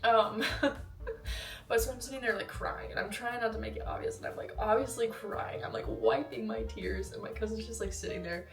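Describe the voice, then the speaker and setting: A woman's voice: medium pitch, animated, moderate pace, vocal fry. A young woman vlogs about a movie in a loose, rambling way, with lots of fillers and side comments. Her voice sits a little back from the mic in an echoey room, with a faint bed of music underneath. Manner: chatty, rambling, many fillers and asides. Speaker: vlogger. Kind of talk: casual film review monologue. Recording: roomy echo, voice a bit far from mic.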